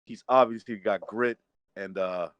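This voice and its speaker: A man's voice: lowish voice, fairly even intonation, measured pace, dry recording, dull audio. A man playing a beaten fighter in a mock post-fight interview, humbly praising his rival and pleading with his fans. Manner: over-the-top staged humility, pleading with imaginary fans. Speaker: trivia contestant playing a defeated boxer.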